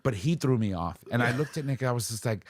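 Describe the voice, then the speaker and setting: A man hosting a podcast in casual chat, telling animated stories. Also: medium pitch, quick pace, dry recording. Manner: animated storyteller, quoting others in lively voices. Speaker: podcast host.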